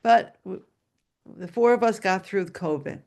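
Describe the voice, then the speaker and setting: A woman storyteller telling a personal tale aloud over a video call, animated and dramatic. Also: moderate pace. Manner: animated and dramatic, shouting at high points. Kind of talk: live oral storytelling.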